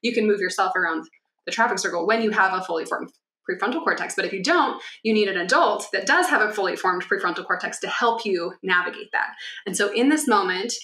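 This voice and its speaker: A woman co-hosts a podcast in casual, animated talk, acting out a child's voice now and then. Her voice is bright and clear. The room around her rings a little. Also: mid-range voice, quick pace, echoey room. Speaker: podcast co-host. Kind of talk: casual explanatory chat.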